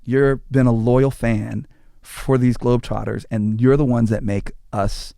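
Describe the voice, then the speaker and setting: Animated man telling stories up close. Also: medium pitch, a little slow, gravelly, no room sound. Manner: animated storyteller acting out quotes, stammering restarts. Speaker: guest, former tour manager. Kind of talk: casual storytelling.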